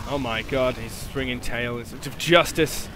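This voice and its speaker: A young man giving excitable gameplay commentary, swearing and shouting at the game. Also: mid-range voice, measured pace. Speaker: gaming commentator.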